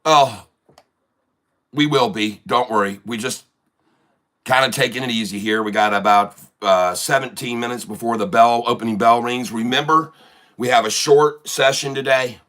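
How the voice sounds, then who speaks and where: A man's voice: medium pitch, normal speed, fairly bright tone. A man from Michigan hosting a casual stock-trading livestream, joking, rambling and laughing often.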